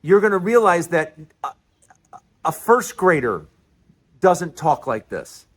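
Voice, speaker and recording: Animated man ranting on his vlog. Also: high-pitched, slow pace. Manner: animated, repetitive, emphatic restarts. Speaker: vlog host. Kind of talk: political commentary vlog.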